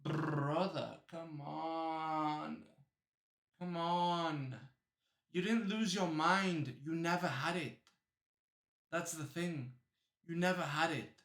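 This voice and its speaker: A man in his twenties from Texas, reacting to a video in blunt, profane casual commentary that breaks into loud cheering. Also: a little high, steady tone, slow, pauses often. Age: 20s.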